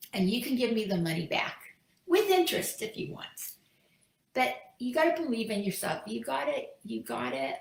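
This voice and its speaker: A woman's voice: medium pitch, creaky, roomy sound. A woman voicing a kindly older man who reassures a struggling stranger. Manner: reassuring, fatherly.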